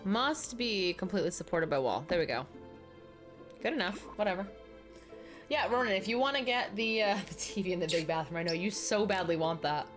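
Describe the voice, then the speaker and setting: A woman's voice: medium pitch, animated, brisk, soft background music. A young adult woman streaming a life-sim game, chatting casually and talking straight to her viewers. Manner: chatty, talks straight to the chat and answers viewers by name.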